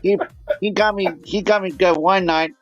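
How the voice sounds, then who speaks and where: A man's voice: sits high, fairly even intonation, moderate pace, no echo, faint music behind. Man rambling through a story, muffled audio. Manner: rambling anecdotal storyteller who acts out what people said. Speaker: panel guest. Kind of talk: casual chat on a live stream. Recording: dull lo-fi stream audio.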